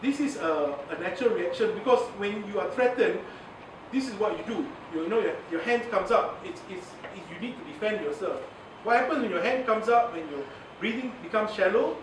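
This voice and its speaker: High-voiced Malaysian man in an echoey hall. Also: lively intonation, brisk. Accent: Malaysian English. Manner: chatty, laughs often, mixes in Malay words. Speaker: media communication trainer. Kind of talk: workshop lecture. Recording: echoey, from far off, noisy.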